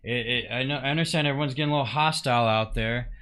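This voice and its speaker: A young man hosting a casual talk stream, telling rambling anecdotes with halting restarts. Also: medium pitch, fairly bright tone, clean tone. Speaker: host. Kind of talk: casual chat.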